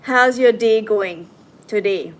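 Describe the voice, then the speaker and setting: Slow, soothing woman livestream host. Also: fairly high pitch, poor audio. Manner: soothing, reassuring, slow and gentle. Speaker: tarot reader and coach hosting a livestream. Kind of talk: live stream chat reading viewer comments.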